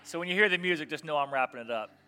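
A man preaching a sermon as pastor, telling stories with lively acted-out voices and swinging between loud emphasis and quiet softness. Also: fairly high pitch, racing. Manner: animated storytelling, acting out voices of biblical figures.

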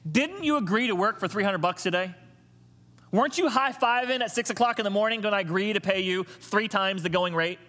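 A preacher voicing an indignant vineyard owner. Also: male voice, high voice, sharp tone, pitched above the performer's own voice, exaggerated voice. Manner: emphatic, rhetorical questions. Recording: long reverb of a large hall.

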